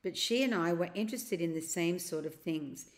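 A woman reading a storybook aloud and voicing a scheming elderly uncle who speaks in a slow, coaxing, secretive way. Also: lowish voice, lightly acted. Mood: sly.

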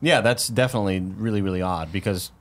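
A man in his thirties chatting casually as a podcast co-host, relaxed and asking questions. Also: lowish voice, fast. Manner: laid-back, swears casually, asks questions. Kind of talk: casual chat.

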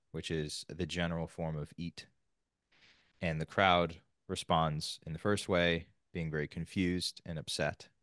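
A man on a podcast, explaining his point in an articulate, measured way. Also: low voice, fairly bright tone, no room sound, clean studio sound. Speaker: podcast guest. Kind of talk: casual podcast discussion.

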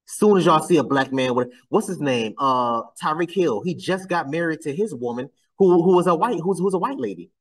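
A man's voice: animated, normal speed, hardly any pauses, far from the mic, poor audio. Blunt exasperated man, a bit off-mic. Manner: blunt and exasperated, climbing higher when incredulous. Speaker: commentary channel host. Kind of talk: casual reaction commentary.

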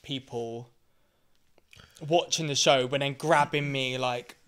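A man's voice: medium pitch, takes it slowly, clean tone. A man from the UK, a podcast co-host and drag performer, telling stories with lots of "like". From United Kingdom. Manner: animated storytelling, lots of "like". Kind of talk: casual podcast chat.

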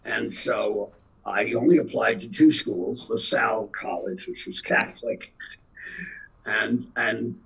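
This veteran actor from the Philadelphia area, now in his eighties, speaks slowly in a fairly low, steady, slightly bright voice that is gravelly and very raspy. He tells meandering stories as an interview guest in a casual conversation, captured on a low-quality recording.

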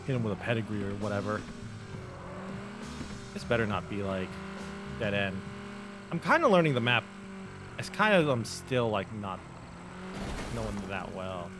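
A man's voice: on the low side, animated, normal speed, pauses often, music in the background. A young man casually commenting on his gameplay, joking and rambling with plenty of fillers. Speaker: gaming video host.

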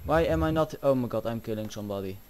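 A man's voice: medium pitch, expressive, fast, a little mellow. A man giving frantic let's-play commentary, panicking and swearing often. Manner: panicky, swearing, frequent exclamations. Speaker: gameplay commentator.

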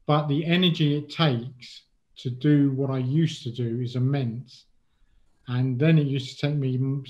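A man's voice: mid-range voice, mellow, lo-fi sound. A middle-aged man from England, a guest in an interview, speaking casually and hesitantly, with many ums and restarts.

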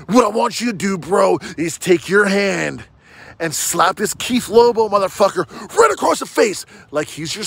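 Brash man yelling a profane roast. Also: sits high, creaky, breathy edge. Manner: brash, profane, yelling, says bro constantly. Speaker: comedian doing a paid roast video. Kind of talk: shouted comedy roast.

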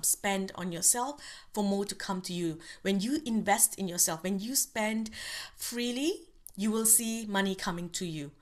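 Gentle woman giving a tarot reading. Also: mid-range voice. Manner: gentle, reassuring, with many fillers and restarts. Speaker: tarot reader. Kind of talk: spiritual guidance talk.

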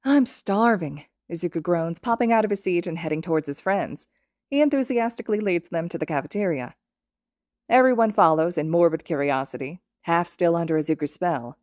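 A woman reading fan fiction aloud as a podfic, with steady, expressive storytelling. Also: fairly low pitch, brisk, no echo, clean studio sound. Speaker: podfic reader.

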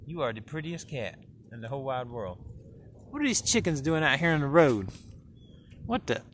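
A man cooing lively at his cats. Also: mid-range voice, fairly quick, a little hiss or hum. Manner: coos and baby-talks to pets, playful jokes. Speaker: vlogger. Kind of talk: casual outdoor vlog talking to his cats. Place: outdoors by a road and grass.

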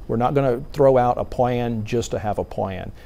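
A man speaks in a dark, mellow tone with a gravelly edge. He answers interview questions earnestly, often repeating words as he starts a thought. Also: mid-range voice, normal speed. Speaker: insurance commissioner-elect.

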